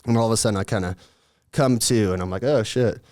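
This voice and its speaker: A man's voice: fairly low pitch, quick pace, darkish tone, no room sound, studio quality. A young man telling a story in a laid-back, rambling way, with lots of filler words and swearing. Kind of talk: casual storytelling.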